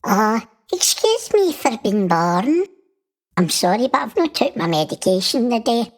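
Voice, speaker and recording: A man's voice: extremely high pitch, very animated, pitched above the performer's own voice, heavily acted. A man voicing a cheeky, hot-tempered male Martian guest. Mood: indignant. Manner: cheeky, quick to anger.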